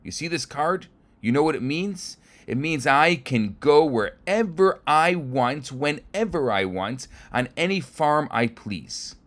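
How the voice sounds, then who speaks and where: A man's voice: a little high, expressive, slow, voice pushed up. A man playing a blustering government inspector. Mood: pompous indignant. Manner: blustering and self-important, rising to panicked shouts. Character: stern, pompous male government inspector, middle-aged.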